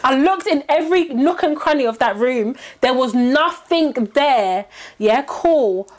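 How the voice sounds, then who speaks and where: A woman telling a scary story in casual chat as podcast co-host, animated and laughing as she acts out quotes. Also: high voice, unhurried.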